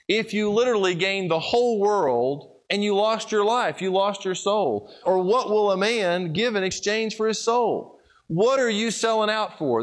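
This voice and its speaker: A man preaching a sermon and telling stories, rising to loud emphatic peaks and then dropping to hushed, low passages.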